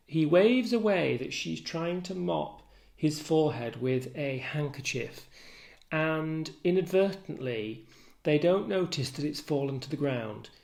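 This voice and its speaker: A man teaching literature, giving a deliberate, analytical explanation in a recorded lesson. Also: on the high side, animated, vocal fry, darkish tone. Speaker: literature tutor.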